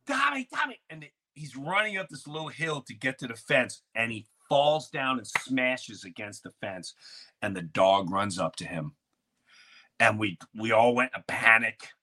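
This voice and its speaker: Male host, bright and tense tone, lively storyteller who acts out quotes. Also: mid-range voice, unhurried. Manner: animated, acts out shouted quotes. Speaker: podcast host. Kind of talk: storytelling in casual chat.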